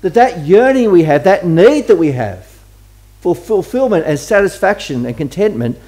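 A man's voice: high voice, big pitch swings, moderate pace, warm tone. A man preaching a conversational sermon to a church congregation and asking them questions as he goes. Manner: chatty, asks the congregation questions. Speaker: pastor. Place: church service before a congregation.

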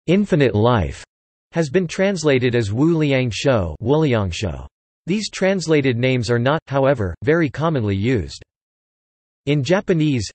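Synthetic male reader, even machine delivery, mid pitch, dead-dry sound. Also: dry recording. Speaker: text-to-speech reader. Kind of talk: synthetic encyclopedia reading.

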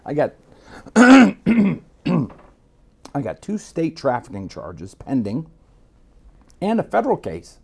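A middle-aged Miami man with a fairly high, husky, gravelly voice speaks slowly and pauses often. As an interview guest he tells a casual story in a profane, streetwise style, animatedly acting out the voices of the people in it.

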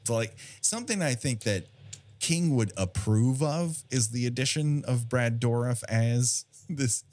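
A man's voice: medium pitch, a little slow, a little mellow, no room sound. A man co-hosting a podcast in casual film chat, joking and laughing often. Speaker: podcast co-host.

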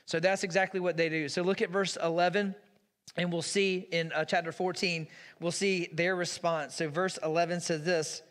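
A man preaching a laid-back, storytelling sermon with a notably high voice. His words ring through a church sanctuary with a long hall reverb. He keeps the tone conversational and plainspoken. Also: little pitch movement, moderate pace, fairly bright tone. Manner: casual, storytelling. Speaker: pastor.

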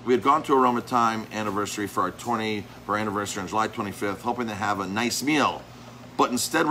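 Bright-voiced man ranting casually. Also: lowish voice, slight background noise, low-quality recording. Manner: rambling, with many restarts and repeated words. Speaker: restaurant owner and chef. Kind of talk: casual talk to camera.

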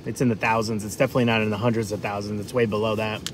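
A man's voice: on the low side, flat delivery, very fast, slight background noise. Chatty New man on a livestream. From New England. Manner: rambling, chatty, lots of fillers. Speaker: livestream food vlogger. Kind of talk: casual live-stream chat.

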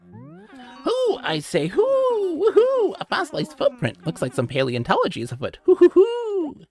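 A woman's voice: extremely high pitch, wildly swooping pitch, unhurried, a little mellow, faint music behind, pitched above the performer's own voice, heavily acted. A woman voicing a fussy, long-winded male owl who curates a museum in a video game, talking in a mannered, rambling and overly polite way.

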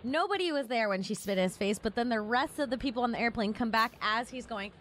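Young woman, high voice, lively storyteller who swears a lot; faint background noise. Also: quick pace. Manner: animated storyteller, swears freely, acts out shouted quotes. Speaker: podcast host. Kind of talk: storytelling in casual chat.

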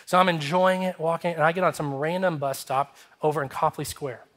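Guy pastor preaching, kinda high voice, tells stories and does the voices. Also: a little fast. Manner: animated, acts out dialogue in his story. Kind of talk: sermon with storytelling. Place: church sanctuary.

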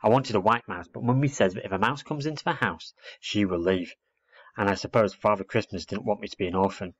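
A man's voice: on the low side, fairly quick, dry recording, close to an everyday voice. A man voicing a chatty little girl who explains things matter-of-factly. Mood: explaining. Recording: dull, muffled dry recording.

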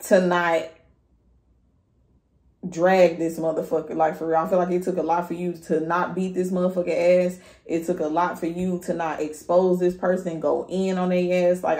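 A woman's voice: on the low side, darkish tone, reverberant. A woman giving a casual tarot reading, blunt and profane, talking straight to her viewers. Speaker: tarot reader.

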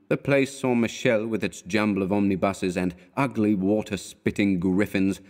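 A man with a fairly low voice narrates a classic short story for an audiobook. His delivery is measured and deliberate, keeping a steady storytelling pace throughout.

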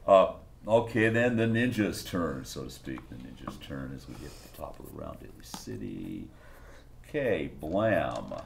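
A man narrating a tabletop game as game master, animated, with spoken sound effects. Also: rumbling low, moderate pace, gravelly, a little hiss or hum. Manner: animated, laughing often, sound effects like "blam".

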